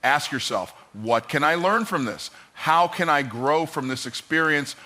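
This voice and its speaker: A man giving a motivational speech in a measured, scripted delivery without fillers. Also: on the high side, expressive, pushed and bright. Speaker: motivational speaker.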